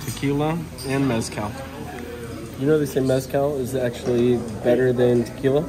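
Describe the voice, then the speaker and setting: A man's voice: medium pitch, steady tone, normal speed, music in the background, low-quality recording. A man co-hosting a travel vlog in casual chat, making dry, teasing quips. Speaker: co-host, travel companion.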